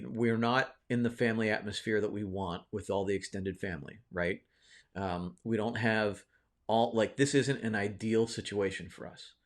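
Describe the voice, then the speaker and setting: A man hosting his own video, telling a personal story in a casual, rambling way, with many fillers and restarts, often checking in with "right?". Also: fairly low pitch. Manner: reflective, encouraging. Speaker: video host.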